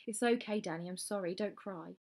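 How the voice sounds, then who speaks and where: A woman voicing a hurt, defiant teenage girl with sharp, wounded retorts, in a storybook reading. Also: medium pitch, fairly quick, close to an everyday voice. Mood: tender.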